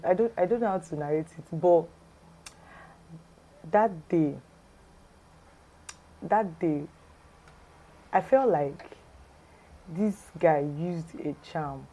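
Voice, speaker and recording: A woman's voice: lowish voice, takes it slowly, long pauses, dark tone, dull audio. A woman with a Yoruba accent telling a chatty storytime for her vlog, full of "ah" and "like". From Nigeria. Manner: chatty, exclamatory, lots of "ah" and "like". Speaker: lifestyle vlogger. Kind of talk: casual storytime.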